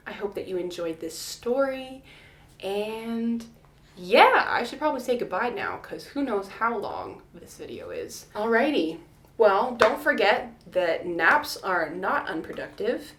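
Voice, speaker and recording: A young woman telling a personal story to camera in a casual, animated way, laughing often and acting out quotes. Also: mid-range voice, a little slow. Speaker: vlogger. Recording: echoey room.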